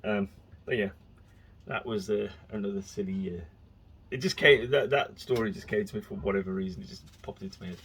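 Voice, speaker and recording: A man's voice: on the low side, brisk, a bit bright, breathy edge. A man talking in a casual solo monologue, rambling and chatty with frequent restarts as he tells stories. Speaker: vlogger.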